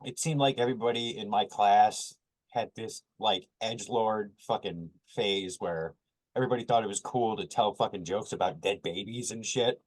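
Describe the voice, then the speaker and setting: A man's voice: lowish voice, normal speed, poor audio. Man, podcast co-host, hesitant rambling chat, profane. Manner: hesitant, full of fillers, profane. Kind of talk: casual chat.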